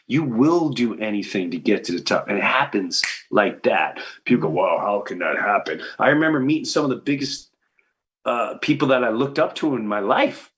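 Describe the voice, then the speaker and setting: A middle-aged man, a comedian guest, telling stories in a podcast interview and acting out the people he quotes with big pitch jumps. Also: lively intonation, normal speed, a bit bright.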